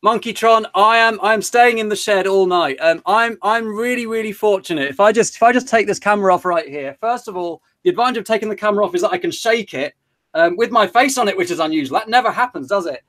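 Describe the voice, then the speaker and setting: A man's voice: high-pitched, fast talker, a bit bright. A man with a southern English accent, a guest chatting casually on a livestream from a garden shed, rambling and self-mocking. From England. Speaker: interview guest.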